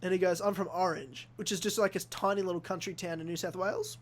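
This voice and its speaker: A young man from Australia, hosting a casual podcast and telling an animated story full of acted-out quotes and swearing. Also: high-pitched, fast. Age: young adult. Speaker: podcast host. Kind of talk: casual chat.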